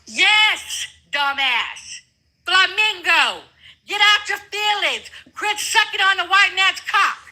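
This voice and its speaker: A woman's voice: very high-pitched, expressive, slow pace, sharp tone, low-quality recording. An older woman arguing as a guest in a heated livestream debate, blunt, confrontational and full of profanity.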